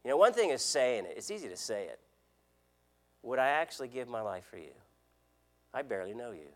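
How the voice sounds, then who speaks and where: A man's voice: mid-range voice, very animated, fairly quick. A man preaching a sermon as an elder, earnest, repeating words and asking the congregation questions. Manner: swings between loud emphasis and quiet drops.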